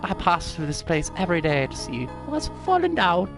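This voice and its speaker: A soft, motherly goat woman, as a man puts her on in a raised voice for a game stream. She speaks formally and kindly, with lively rises and falls in pitch. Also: moderate pace, music in the background, heavily acted. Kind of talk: playful game voice-over.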